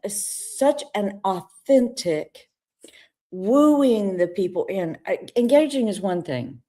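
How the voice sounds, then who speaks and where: A woman's voice: mid-range voice, lively intonation, slow pace, warm tone. A woman co-hosting a talk show, candidly telling an emotional personal story in conversation. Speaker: co-host.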